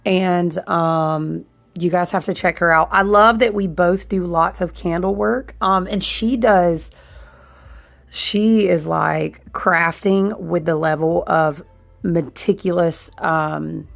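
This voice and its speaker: Woman, hoarse, husky smoky voice, low and gravelly, casual chat to camera, animated and informal. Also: slow pace. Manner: chatty, animated, says "y'all" and "listen" often. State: hoarse, voice recovering. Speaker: candle and ritual tool maker.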